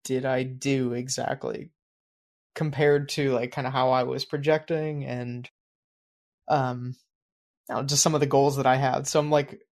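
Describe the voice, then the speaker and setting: A man's voice: medium pitch, level tone, a little slow, darkish tone. A man co-hosting a podcast in casual chat, rambling and reflective, with many fillers. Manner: reflective, explains his planning habits at length. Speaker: podcast co-host.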